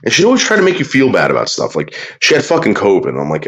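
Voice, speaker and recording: A man's voice: extremely low pitch, wildly swooping pitch, very fast, vocal fry, hardly any pauses, a bit bright, muffled recording. A man ranting crudely and bitterly in casual talk, drawling some words and muttering others. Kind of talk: profane casual rant.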